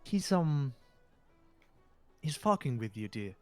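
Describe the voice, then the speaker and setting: A man voicing a warm, kindly older woman barkeep who calls everyone dear and darling. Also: mid-range voice, very animated, slow, clean tone, dry recording, soft background music, voice pushed up. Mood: sweet. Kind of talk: tabletop role-play voice acting.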